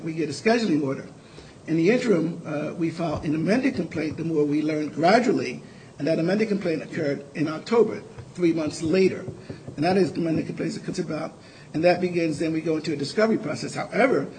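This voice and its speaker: A man arguing an appeal before a panel of judges, earnest and halting, with frequent restarts. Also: on the high side, darkish tone, slight background noise, low-quality recording. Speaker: appellate lawyer arguing for the appellant. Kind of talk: courtroom oral argument.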